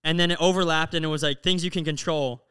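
A man's voice: a little high, fairly even intonation, fast talker, bright, forceful tone, clean tone, dry recording. A young man from Florida co-hosting a podcast, telling stories in an open, earnest way with lots of "like". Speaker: podcast co-host. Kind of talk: casual chat.

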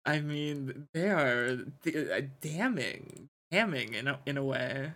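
Bright-voiced, laid-back co-host man. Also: medium pitch, animated, slow. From New Jersey. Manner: laid-back, reads news aloud, stammers. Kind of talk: casual sports chat.

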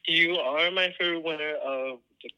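A man's voice: a little high, normal speed, pushed and bright, clear, resonant tone, poor audio. A man from Puerto Rico, a fan taking a call, sleepy and polite and amazed.

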